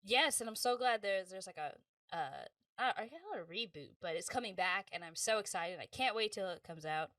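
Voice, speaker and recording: A woman voice actress, a guest on a podcast interview, telling stories in a lively, casual way and acting out the people she quotes. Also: mid-range voice, fairly quick, dry recording, recorded from a distance. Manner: animated, acts out quoted voices, laughs often.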